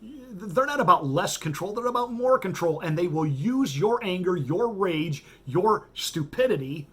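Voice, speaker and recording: A man's voice: high voice, lively intonation, measured pace, fairly bright tone. A man, a pastor hosting a radio show, giving a blunt, sarcastic political monologue with emphatic repetition.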